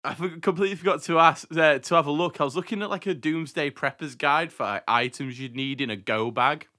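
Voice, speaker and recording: Bright, chatty young man. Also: on the high side, a little fast. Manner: chatty, laughing, lots of likes. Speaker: podcast host. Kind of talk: casual chat.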